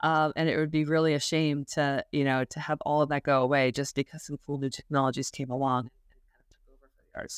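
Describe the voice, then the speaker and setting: A woman's voice: low voice, creaky, clear, resonant tone, no room sound, studio quality. A middle-aged woman, a music business professor, talking earnestly and thoughtfully in a podcast interview, with some restarts and fillers.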